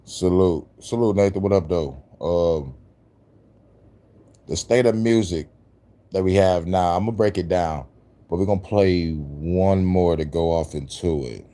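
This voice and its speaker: Male musician host, low voice, easygoing slangy commentary to camera. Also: measured pace, mellow. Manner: loose, slangy, rambling talk. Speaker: musician vlogger. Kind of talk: casual commentary.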